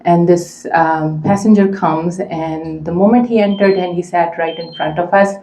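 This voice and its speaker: A mother speaking at a community event tells a personal story, earnest and conversational, with many fillers. Her voice is fairly low, steady and warm at a normal speed, and the echoey room carries a little hiss or hum.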